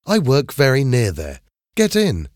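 A man's voice: medium pitch, wildly swooping pitch, measured pace, darkish tone, no room sound, studio quality, pitched above the performer's own voice. A man voicing a helpful young woman driver in a storybook reading. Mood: friendly.

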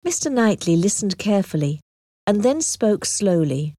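A woman narrating an audiobook with clear, expressive storytelling. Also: mid-range voice, normal speed, no echo, studio quality.

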